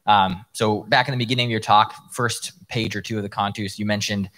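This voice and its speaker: A man's voice: on the low side, fairly even intonation, fairly quick, a bit bright. A man moderating a question-and-answer session, reading out questions with short acknowledgments. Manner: reads out audience questions, brief affirmations. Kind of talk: live Q&A talk.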